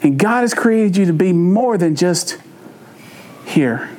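A man's voice: high-pitched, expressive, takes it slowly, darkish tone. Folksy Cajun man preaching. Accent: Cajun Louisiana. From Louisiana. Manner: folksy, jokey, acts out family voices in his stories. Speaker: youth pastor. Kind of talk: storytelling sermon.

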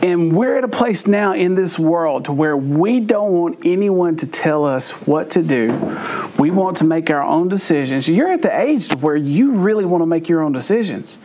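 A man's voice: on the high side, expressive, normal speed, a little mellow, a little hiss or hum. A middle-aged man preaching a humorous sermon, telling folksy stories with playful asides.

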